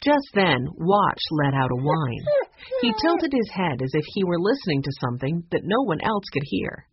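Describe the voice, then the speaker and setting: A woman narrating a children's audiobook with expressive storytelling. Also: sits low, normal speed, highs cut off, slight background noise. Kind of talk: scripted narration.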